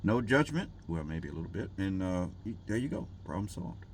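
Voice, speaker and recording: A man's voice: low voice, very animated, brisk, a little hiss or hum. A man vlogging in a rambling, jokey way, full of fillers and asides. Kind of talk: casual rambling vlog talk.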